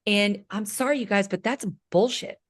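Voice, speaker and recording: A woman in her late fifties speaks as a fitness coach in a motivational talk to her group. Her delivery is emphatic and energetic, and she keeps checking in with a quick "right?" at the end of her points. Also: mid-range voice. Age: 50s.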